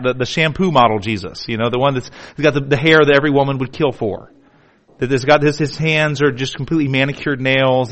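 A male pastor, preaching a sermon with drama, dropping to hushed tones and then building to emphatic repetition. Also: medium pitch. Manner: dramatic, shifts from hushed to emphatic, repeats words.

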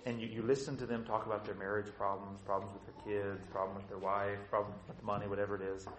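A fast-talking pastor with a lowish voice preaches a blunt, conversational sermon, animatedly acting out the doubting voices of troubled churchgoers and putting questions to the room. Roomy church reverb fills the recording.

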